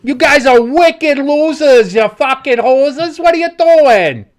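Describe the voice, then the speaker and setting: A man's voice: extremely high pitch, lively intonation, a little slow, pitched above the performer's own voice. A man voicing a drunk young male sports fan from Boston, with a Boston accent, hurling slurred taunts. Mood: jeering drunk. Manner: shouting, jeering, slurred taunts.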